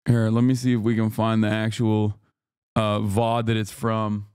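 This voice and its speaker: A man's voice: lowish voice, completely flat delivery, a little slow, a little mellow, clear, resonant tone, dry recording, clean studio sound. A man streaming live, reacting to clips with sarcastic, profane commentary and mock anger.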